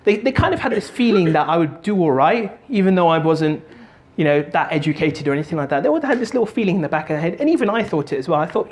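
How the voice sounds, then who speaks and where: A man gives a motivational talk in an animated, joking way. His voice sits a little higher than most men's, and he slips into character voices as he tells the story. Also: quick pace, hardly any pauses. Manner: animated, jokey, does voices. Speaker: motivational speaker and stand-up comic.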